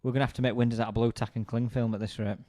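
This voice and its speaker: A man's voice: mid-range voice, little pitch movement, racing, mellow. West Yorkshire man, mid-range voice, easygoing podcast co-host. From Bradford, England. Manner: jokey and easygoing, stumbles and repeats words. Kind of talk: casual chat.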